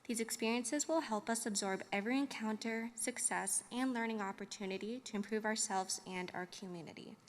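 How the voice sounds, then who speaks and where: A young woman student reading a pledge aloud with steady earnestness. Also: fairly high pitch, a little fast, few pauses, slight background noise.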